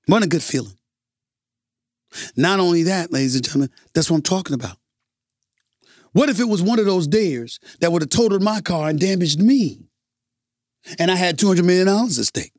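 A man's voice: high voice, no room sound, clean studio sound. A man, a sports commentator delivering an opinionated monologue with emphatic repetition. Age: 50s. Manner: emphatic, repeats phrases for punch, addresses "ladies and gentlemen".

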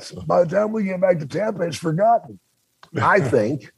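Husky older man telling a wild story. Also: on the high side, brisk, dry recording. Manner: animated, acts out voices, swears freely. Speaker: podcast guest storyteller. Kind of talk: casual storytelling.

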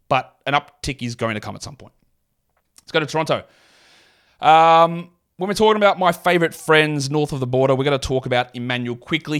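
A man from Australia with a mild Australian accent, hosting a solo fantasy basketball podcast and rattling off statistics with quick asides. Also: medium pitch, fairly bright tone. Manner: rapid stat-heavy delivery with asides.

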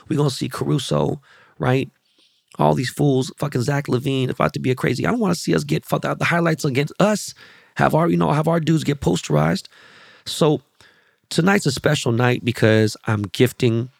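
A man's voice: medium pitch, vocal fry, dry recording, clean studio sound. A man hosting a podcast, telling rambling, profanity-laced stories in a loose, casual monologue. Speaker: podcast host.

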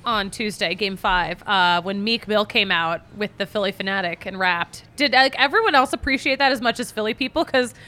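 A woman from the Philadelphia area with a Philly accent, hosting a casual sports podcast with a voice worn hoarse from screaming, chatty and quick to laugh at herself. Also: mid-range voice, sharp tone, faint music behind. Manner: chatty, laughs often, self-mocking. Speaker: podcast host.

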